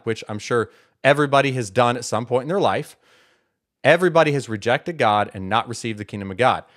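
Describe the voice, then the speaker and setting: A man's voice: mid-range voice, expressive, fairly quick, a bit bright. A man hosting a Bible teaching video, arguing his point emphatically and repeating words for stress. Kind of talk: casual apologetics monologue.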